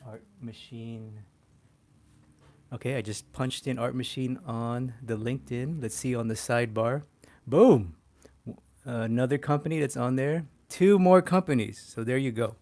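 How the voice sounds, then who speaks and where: Excitable man teaching on a livestream. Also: mid-range voice, a little slow. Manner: excitable, swears casually, laughs often. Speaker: poster artist teaching a livestream. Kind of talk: casual livestream tutorial.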